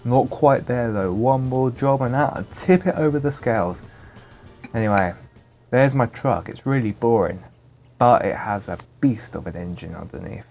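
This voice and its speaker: A man's voice: medium pitch, animated, moderate pace, darkish tone. A man giving casual, jokey commentary while playing a driving game, talking to himself as he plays. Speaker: gaming commentator. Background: background music.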